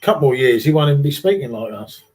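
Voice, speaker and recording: A man's voice: mid-range voice, expressive, quick pace, a little mellow. A middle-aged man with a London accent, hosting a casual beer-drinking chat, joking and reading out viewer comments. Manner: jokey banter, reads viewer comments aloud. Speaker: beer channel host.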